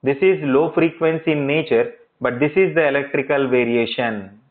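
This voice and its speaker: A man's voice: medium pitch, normal speed. A male lecturer teaching in a classroom, repeating points and checking understanding with rhetorical questions. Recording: tinny phone-like audio.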